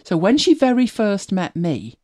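A middle-aged Manchester woman with a mild local accent hosts a casual chat, rambling, laughing often and reading out listener comments. Her mid-range voice is sing-song and mellow, at a normal speed.

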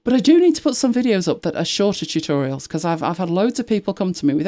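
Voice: medium pitch, sing-song, fast talker, hardly any pauses, warm tone, dry recording. A host of a tech live show chatting casually, rambling with frequent restarts and exasperated asides. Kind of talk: casual chat.

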